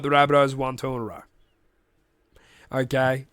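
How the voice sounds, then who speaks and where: A man's voice: mid-range voice, fairly quick, a bit bright, no echo, studio quality. An Australian man hosting a casual sports recap podcast, rambling, joking and swearing freely. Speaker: podcast host.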